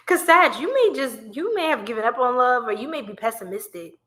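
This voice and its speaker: A woman's voice: a little high, animated, normal speed, a bit bright. A woman giving a live-streamed tarot reading, chatty and playful, laughing often and talking to viewers as y'all. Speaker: tarot reader.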